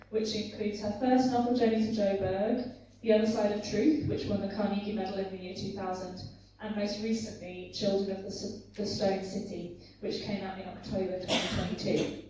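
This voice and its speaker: A woman hosting a talk at a conference, introducing her guest and asking questions in a mellow, fairly flat voice, with plenty of ums and uhs. The sound comes from off the mic in a large, very reverberant hall. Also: mid-range voice, normal speed, far from the mic, a little hiss or hum. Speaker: interviewer and conference host.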